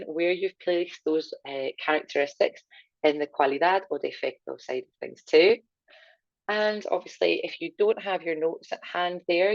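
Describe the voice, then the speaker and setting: Low-voiced woman teaching slowly. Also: darkish tone, no room sound. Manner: encouraging, slow and clear for learners to repeat. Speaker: language teacher. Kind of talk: video language lesson. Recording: dull, slightly lo-fi sound.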